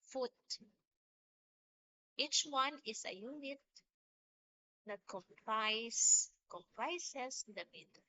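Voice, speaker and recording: Slow, bright-voiced woman teacher. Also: a little high. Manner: slow, patient explaining with sung-out rhythm examples. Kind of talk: classroom lesson on poetry. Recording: dull lo-fi sound.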